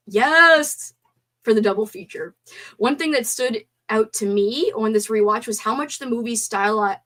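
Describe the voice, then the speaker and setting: Excitable woman hosting a live stream. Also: fairly high pitch. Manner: animated, reads chat comments aloud, swears and gasps excitedly. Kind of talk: casual live stream movie discussion.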